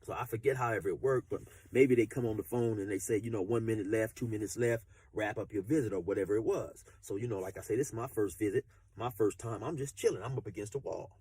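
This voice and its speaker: Husky man telling a rambling story. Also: lowish voice, quick pace, hardly any pauses, a little mellow, no echo. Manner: rambling, repeats fillers like "you know, like I say". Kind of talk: casual storytelling.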